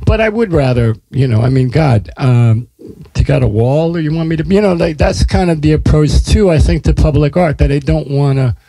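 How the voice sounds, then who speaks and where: A man's voice: on the high side, moderate pace, gravelly, mellow, no room sound, rough recording. New man, swearing, storytelling. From United States. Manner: swears freely, acts out quotes in storytelling. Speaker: artist guest. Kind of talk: casual conversation.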